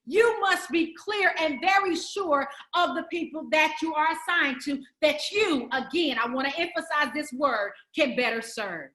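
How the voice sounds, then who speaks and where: Woman, motivational summit speaker, bright sharp tone, sermon-like emphatic delivery. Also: sits high, lively intonation, unhurried, hardly any pauses, roomy sound. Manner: preacherly, repetitive emphatic build-ups. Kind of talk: motivational speech.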